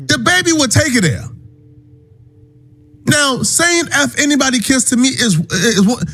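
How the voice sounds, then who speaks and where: Exasperated male commentator, high voice with lively ups and downs, faint music underneath. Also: a little slow. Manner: exasperated, questioning, repeats words. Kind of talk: commentary clip.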